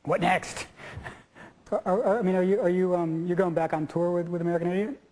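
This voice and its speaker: A man interviewing a musician, asking questions in a halting way with false starts. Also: sits high, fairly even intonation, darkish tone.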